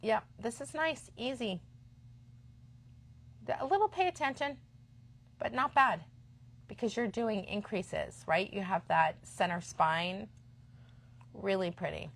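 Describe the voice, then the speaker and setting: A woman in her fifties hosts a yarn shop live stream with an easy, enthusiastic chattiness. Her voice sits at an ordinary middle pitch, and she often slips into quieter asides as she goes. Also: unhurried, creaky, pauses often. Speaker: shop host. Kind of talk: live-stream product chat.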